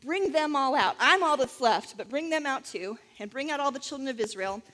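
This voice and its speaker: A woman's voice: sits high, expressive, brisk, sharp tone, long reverb tail, slight background noise, poor audio. A woman quoting a bold, mocking male prophet as she retells a Bible story. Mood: defiant.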